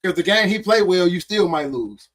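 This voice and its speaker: A man's voice: high-pitched, animated, moderate pace, fairly bright tone, poor audio. A man co-hosting a podcast in a casual sports chat, talking in a blunt, slangy, mocking way. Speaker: podcast co-host.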